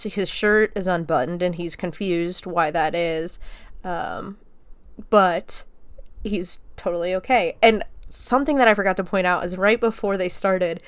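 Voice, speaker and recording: A woman's voice: on the low side, normal speed, a bit bright, clear, resonant tone, no echo. A woman hosting a podcast, casually recapping a movie scene by scene, chatty and swearing freely as she acts out the quotes. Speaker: podcast host.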